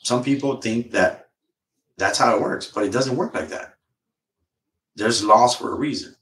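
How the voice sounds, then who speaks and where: Far from the mic in a space with roomy echo, a man goes on a casual livestream rant, swearing, rambling and circling back over the same things. He speaks a little slowly in a mid-range, fairly bright voice.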